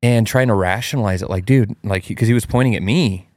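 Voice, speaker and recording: Low-voiced man telling a story, animated. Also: quick pace, no echo, clean studio sound. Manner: animated, acts out his child's cries in a high voice. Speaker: host. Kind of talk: casual storytelling chat.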